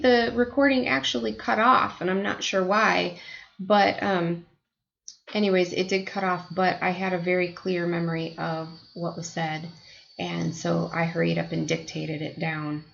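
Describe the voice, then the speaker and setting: A woman's voice: on the low side, flat delivery, normal speed, vocal fry, muffled recording, a little hiss or hum. An American woman telling a personal spiritual story to camera in a chatty, reflective way. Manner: chatty, reflective, many fillers. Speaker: spiritual vlogger.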